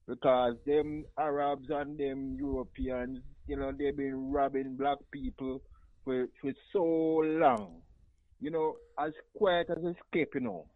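A man's voice: medium pitch, flat delivery, takes it slowly, dry recording. A Jamaican man calling in to a radio talk show, speaking in a passionate, rambling patois over a phone line. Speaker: caller.

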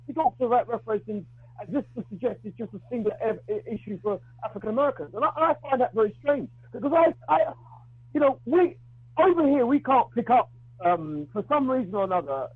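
Husky high-voiced man calling in by phone. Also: no room sound. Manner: halting, repeats and restarts words; outspoken, argues his view. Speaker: radio call-in caller. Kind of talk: phone-in talk radio call. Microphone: telephone. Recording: tinny phone line.

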